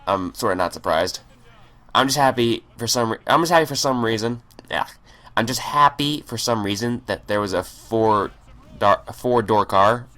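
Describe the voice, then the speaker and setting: A man's voice: lowish voice, a bit bright. A man telling a story in a rambling, profane way over gameplay, stammering and restarting his sentences. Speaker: gaming channel host.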